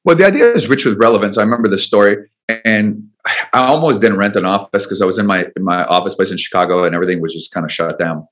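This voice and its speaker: Male guest coach, lowish voice, lively storyteller who stumbles over repeated words. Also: fast. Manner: animated, repeats words while telling stories. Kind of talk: storytelling in an interview.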